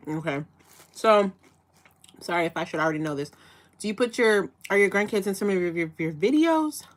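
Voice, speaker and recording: A woman's voice: medium pitch, animated, a little fast. A woman from Chicago hosting a casual live chat, asking rambling questions with frequent restarts and fillers. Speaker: livestream host.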